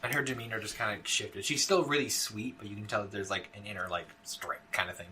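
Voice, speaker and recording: A man's voice: lowish voice, fairly even intonation, quick pace, pushed and bright, a little hiss or hum. A man narrating a tabletop role-playing game as game master, casual and loose.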